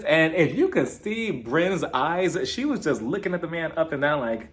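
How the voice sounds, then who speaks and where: Gossipy animated man recapping reality TV. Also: on the high side, normal speed. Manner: gossipy, animated, acts out cast members' quotes. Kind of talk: casual recap commentary.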